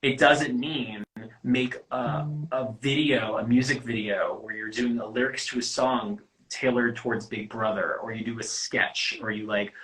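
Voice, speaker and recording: A man's voice: medium pitch, fairly even intonation, a little slow, fairly bright tone, poor audio. A man working as a casting producer, giving candid, rambling advice in a casual chat and swearing freely.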